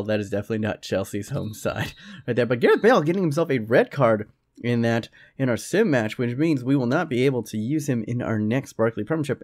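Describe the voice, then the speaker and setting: Animated male gaming commentator. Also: a little hiss or hum. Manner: animated, jumps to high-pitched yelps when excited. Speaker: gaming YouTuber. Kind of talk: excited gameplay commentary.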